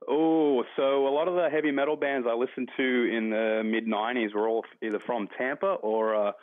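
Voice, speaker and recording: A man with an Australian accent calls in over a tinny, narrow phone line. He rambles easily and sounds relaxed. The sound is dry. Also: mid-range voice, a little fast, no room sound. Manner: relaxed, rambling fan talk. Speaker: caller. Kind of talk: phone call-in chat.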